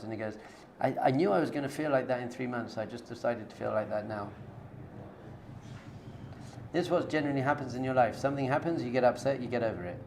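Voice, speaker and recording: Man teaching a lively informal class. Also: mid-range voice, fast, a little hiss or hum. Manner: conversational, direct, coaching tone with everyday analogies. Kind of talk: informal spoken lecture to a live group.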